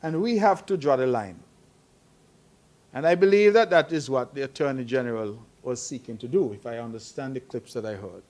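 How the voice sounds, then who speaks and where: A man's voice: mid-range voice, moderate pace, darkish tone. A middle-aged man giving earnest, admonishing remarks at a press conference, growing emphatic. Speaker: head of government at a press conference.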